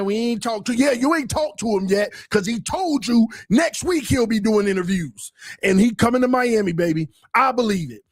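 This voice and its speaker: A high-pitched man hosting a live sports talk stream, loud and excitable, looping back over the same lines in heavy slang. His voice sits close and dry on the mic, with no room around it. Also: dry recording. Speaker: podcast host.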